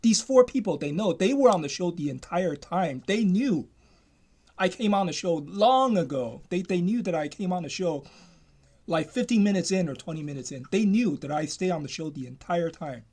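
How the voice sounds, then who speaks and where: High-voiced man on an emphatic rant. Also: expressive, normal speed, a little mellow. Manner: repetitive, emphatic, restarts often. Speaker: commentator. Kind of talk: ranting commentary.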